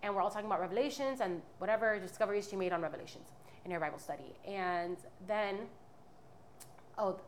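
A woman's voice: mid-range voice, fairly quick, a little hiss or hum. A woman in her twenties giving a candid, rambling personal testimony as a podcast guest. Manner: candid, rambling, many fillers and restarts.

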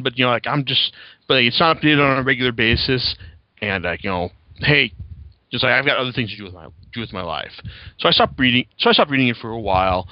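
A young man hosts a casual comics podcast and rambles through his thoughts with constant fillers and restarts. His voice sits at an ordinary pitch, and the recording is dry and a little dull. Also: no echo. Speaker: podcast host. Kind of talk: casual chat about comics.

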